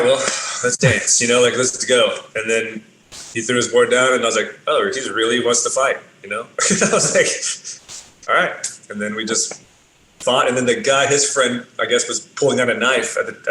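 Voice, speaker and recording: A man's voice: mid-range voice, sharp tone. A man, a podcast guest telling stories casually with lots of swearing and fillers. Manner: laid-back, swears a lot, many fillers. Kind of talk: casual storytelling. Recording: roomy with faint ambient noise.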